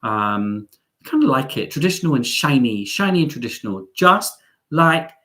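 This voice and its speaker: A man's voice: mid-range voice, very animated, moderate pace, bright, forceful tone. A middle-aged man hosting a live stream, chatting casually as he reads out viewer comments, with sarcastic, self-mocking asides and lots of ums.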